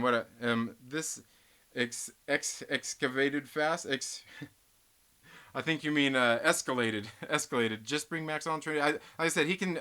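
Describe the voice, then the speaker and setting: Profane bright-voiced man ranting on stream. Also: fairly high pitch. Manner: profane, laughing, reading chat aloud. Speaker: live stream host. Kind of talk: casual live stream rant.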